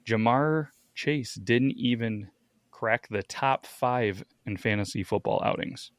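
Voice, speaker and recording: A man's voice: mid-range voice, takes it slowly, no echo, clean studio sound. A man co-hosting a podcast, bluntly running through lists and reading out stats. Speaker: podcast co-host. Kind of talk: casual chat.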